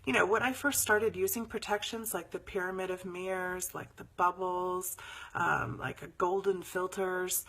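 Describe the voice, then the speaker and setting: A woman hosts a live spiritual show, telling a story in a chatty, animated way and sometimes dropping to near whispers before she leads a meditation. Her voice is lowish and husky, at a moderate pace.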